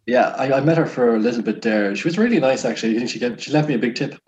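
A man's voice: mid-range voice, lively intonation, racing, darkish tone, muffled recording, slight background noise. A young Irish man as a podcast guest, joking wryly and swearing in casual chat.

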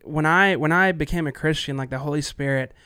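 A relaxed man chats on a podcast, stumbling over his words and restarting as he goes. His voice is smooth and full. The sound is close and dry. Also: on the high side, brisk, dry recording. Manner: relaxed, stammering restarts, Southern "y'all". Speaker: podcast co-host. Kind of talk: casual chat.

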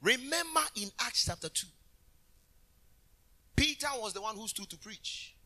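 High, lively preaching man. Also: measured pace. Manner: animated preaching with sudden shouted bursts; talks directly to the congregation. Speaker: minister. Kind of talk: sermon.

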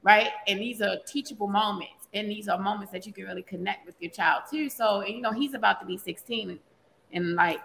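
A woman's voice: mid-range voice, a little fast, gravelly, a little hiss or hum. A woman co-hosting a casual talk show, telling a family story with laughter and acted-out quotes. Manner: animated storytelling, laughs often, acts out quotes. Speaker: podcast co-host, mother. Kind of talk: casual chat.

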